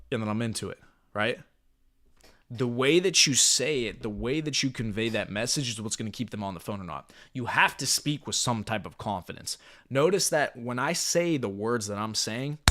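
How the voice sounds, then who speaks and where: A man's voice: medium pitch, lively intonation, moderate pace, bright, forceful tone. Brief: male sales trainer, intense and hyped, blunt and profane, coaching live.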